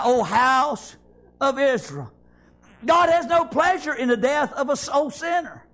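A man's voice: extremely high pitch, a bit bright. A middle-aged man, preaching a fervent sermon and calling out for amens. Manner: fervent, calls out "Amen?" and "praise God".

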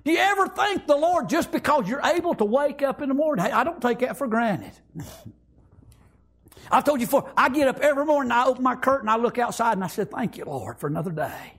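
A man preaching an impassioned sermon, breaking into shouts and filling his pauses with "praise God" and "amen". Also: very high voice, lively intonation.

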